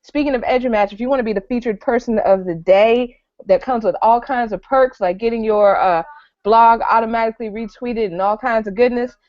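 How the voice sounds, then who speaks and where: A woman hosting an online education show, making quick promotional announcements before handing over to the moderator. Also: medium pitch, no room sound. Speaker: show host. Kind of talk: announcements and introduction. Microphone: video call. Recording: dry lo-fi web call audio.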